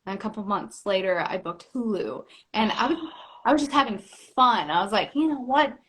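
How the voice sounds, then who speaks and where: A young woman, an actress and comedian, chatting as a guest in a live interview, animated and playing out little quoted voices as she laughs. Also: medium pitch, moderate pace, slightly rough. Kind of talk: lively live interview chat.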